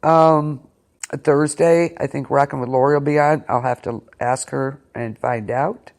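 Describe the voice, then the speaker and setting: A man's voice: medium pitch, fairly even intonation, a little slow. A man hosting an internet radio show, talking in a rambling, hesitant way with many fillers and restarts, often sounding incredulous. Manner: incredulous, keeps saying wow. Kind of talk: casual chat.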